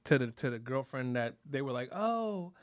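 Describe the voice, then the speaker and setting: A man hosting a podcast, rambling and joking in animated, profane casual chat. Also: mid-range voice, brisk, no echo, studio quality. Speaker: podcast host.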